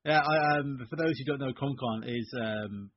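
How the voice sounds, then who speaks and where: A man's voice: medium pitch, normal speed, dry recording. A man hosting a casual podcast, teasing his co-hosts. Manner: teasing, laughing. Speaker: podcast host. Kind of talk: casual chat. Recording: dull lo-fi sound.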